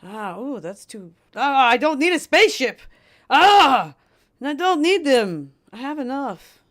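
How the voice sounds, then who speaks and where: A woman's voice: sits high, very animated, unhurried, a bit bright, full character voice. A woman streamer voicing a scheming female poison witch who tells fortunes, rambling and playfully mean in character. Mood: gushing. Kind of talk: in-character livestream role-play.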